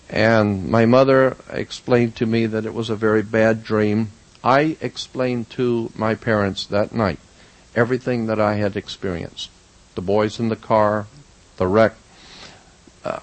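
Low-voiced man telling a personal story. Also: rough recording. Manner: earnest, halting, with pauses and restarts.

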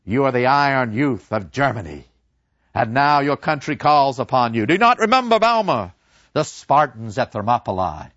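A man's voice: medium pitch, sing-song, normal speed, fairly bright tone, dry recording, dull audio. A man voicing a stern older schoolteacher who lectures boys with patriotic fervor. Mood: rousing. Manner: rousing, hectoring.

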